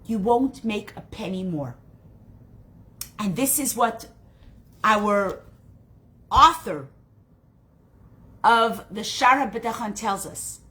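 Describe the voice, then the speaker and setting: Bright-voiced woman teacher telling a story. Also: mid-range voice, takes it slowly, long pauses. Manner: dramatic, expressive. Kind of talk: storytelling lesson.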